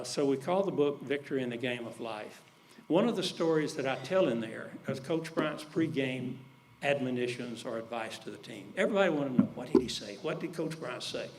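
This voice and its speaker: An older man, telling folksy stories in a speech and dropping his voice low when he quotes others. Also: slight background noise. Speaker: speaker at an alumni event. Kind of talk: storytelling speech.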